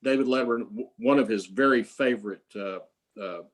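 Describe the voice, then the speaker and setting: A man's voice: lowish voice, moderate pace, husky. An older man, an interview guest, telling long stories with many fillers and restarts. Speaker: interview guest, prize creator. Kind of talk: storytelling in an interview.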